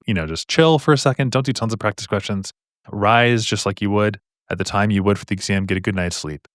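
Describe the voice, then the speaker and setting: A man's voice: lowish voice, a little fast, a bit bright, no room sound, clean studio sound. A man tutoring on medical exam questions in a live stream, explaining in a casual, upbeat way with repetitions and slangy asides.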